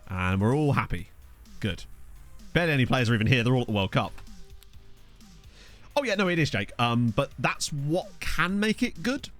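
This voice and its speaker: A man's voice: mid-range voice, sing-song, normal speed, long pauses, a bit bright, soft background music. A young man casually commenting while streaming a football management game, thinking aloud and thanking viewers. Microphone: desk USB microphone.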